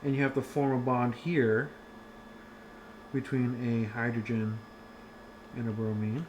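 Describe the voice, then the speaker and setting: A man's voice: mid-range voice, level tone, unhurried, a little mellow, dull audio, a little hiss or hum. A man giving a casual online chemistry lecture from home, chatty and rambling with many fillers and restarts.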